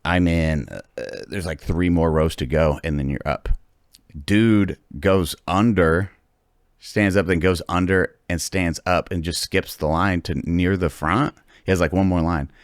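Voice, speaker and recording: A man in his thirties hosting a podcast, telling stories in casual chat with lots of swearing and loud acted-out quotes. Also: low-pitched, a little slow, dry recording, studio quality. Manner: animated storytelling, heavy swearing, acts out quotes loudly. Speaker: podcast host.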